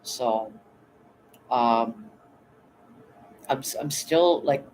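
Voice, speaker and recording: A man's voice: medium pitch, drawn-out words, darkish tone, slight background noise, low-quality recording. A tired man chatting casually on a livestream, rambling and blunt, swearing now and then while reading out chat. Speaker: vlogger reading live chat.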